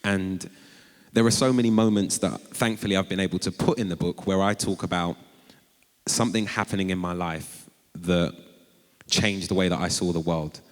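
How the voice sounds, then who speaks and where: Speaking before a live audience in a spacious chapel, the guest, an author from North London, relates stories in a chatty, animated way. His low voice jumps readily into high-pitched quoted outbursts and rings out with lengthy reverb.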